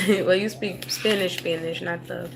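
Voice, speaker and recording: A woman's voice: fairly low pitch, steady tone, measured pace, vocal fry, background noise. A woman chatting casually on a live stream as a tarot reader. She talks bluntly and swears freely. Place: at home with her young son nearby.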